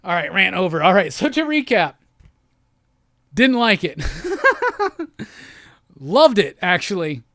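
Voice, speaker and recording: A man's voice: sits high, big pitch swings, takes it slowly, pauses often, sharp tone, no room sound, studio quality. A man hosting a comic book show, giving a heated, profane review in a rant-style talk. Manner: heated, profane, repetitive ranting.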